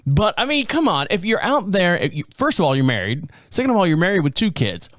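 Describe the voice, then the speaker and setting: Casting note: male podcast host, somewhat high voice, animated storyteller who chuckles as he goes, dry close mic. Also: fairly quick, no echo. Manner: animated, chuckling, acts out quotes. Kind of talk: casual storytelling.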